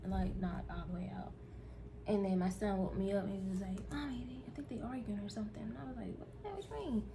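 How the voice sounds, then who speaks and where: A woman's voice: medium pitch, fairly even intonation, fast, noisy background. A woman from North Carolina, chatting candidly and directly to her viewers in a casual vlog. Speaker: vlogger.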